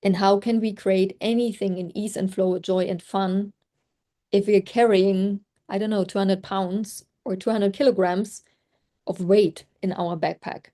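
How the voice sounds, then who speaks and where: Mellow-voiced woman coaching on a group call. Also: medium pitch, fairly even intonation, a little slow. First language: German. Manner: chatty, reflective, many "like" fillers. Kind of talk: casual group call talk.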